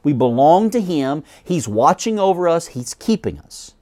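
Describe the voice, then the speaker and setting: A man delivering a sermon in an animated voice that climbs and falls through each sentence. He reads scripture aloud, then slows down and lets his voice drop at the close of key phrases. Now and then he stops to correct himself before carrying on. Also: fairly high pitch. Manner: self-corrects mid-sentence. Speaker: preacher.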